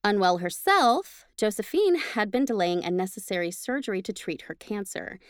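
A woman hosting a podcast, reading a ghost story aloud with chatty asides and slowing down for the spooky parts. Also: mid-range voice, smooth, no echo, studio quality. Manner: lively, laughs between lines, slows for spooky parts. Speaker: podcast host.

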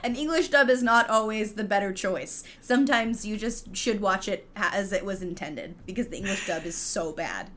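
A woman co-hosting a podcast, chiming in with quick, playful remarks in casual chat. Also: medium pitch, a bit bright. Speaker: podcast co-host.

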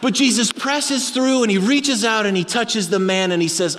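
A man preaching a sermon with dramatic storytelling, dropping low and quiet for emphasis. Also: normal speed, in a large hall, slight background noise.

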